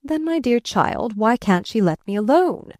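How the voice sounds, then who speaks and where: A woman voicing a charming, flustered gentleman who speaks to a child fondly and teasingly but uneasily, in an audiobook. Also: a little high, very animated, a little slow, no room sound, studio quality, voice pushed up.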